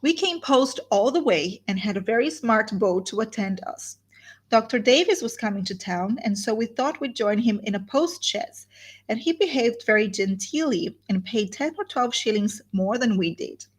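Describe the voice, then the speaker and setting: A woman's voice: a little high, lively intonation, normal speed, slightly rough. A woman reading aloud as a silly, simpering, boastful unmarried woman.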